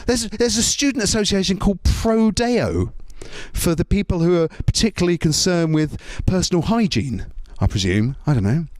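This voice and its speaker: British man, stand-up comedian, animated, slightly high voice, very lively intonation. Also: normal speed, few pauses, no echo, clean studio sound. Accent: British English. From Britain. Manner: animated, jokey, acts out voices.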